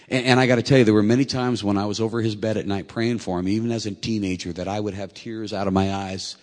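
A middle-aged man preaching a sermon, telling a personal story earnestly and emotionally, his voice swelling to loud peaks. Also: fairly low pitch, big-room sound. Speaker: preacher and track coach.

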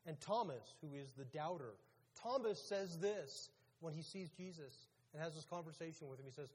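A male pastor with a husky, somewhat high voice gives a relaxed, chatty sermon and keeps checking in with his listeners. His voice rings out with a long reverb, as in a large hall. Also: moderate pace. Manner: casual, questions the audience. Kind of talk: conversational sermon.

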